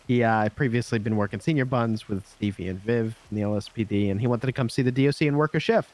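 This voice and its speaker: A man playing a prison guard, recounting events in character with lively detail and many fillers. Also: medium pitch, quick pace. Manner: animated storyteller, lots of fillers. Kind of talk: in-character game storytelling.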